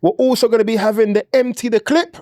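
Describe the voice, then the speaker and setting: A man's voice: very high-pitched, steady tone, fast, dark tone, dry recording, studio quality. A man hosting a casual podcast, introducing guests in an upbeat way. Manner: upbeat, repeats words when introducing. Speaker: podcast host.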